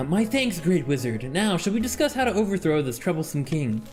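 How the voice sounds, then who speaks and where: A man's voice: on the high side, big pitch swings, moderate pace, darkish tone, faint music behind. A man voicing an ambitious noble lady in a game, speaking formally while plotting.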